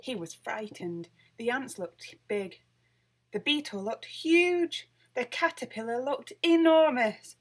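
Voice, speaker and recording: A woman reading a children's picture book aloud with lively, expressive storytelling. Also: a little high, takes it slowly. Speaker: storybook reader.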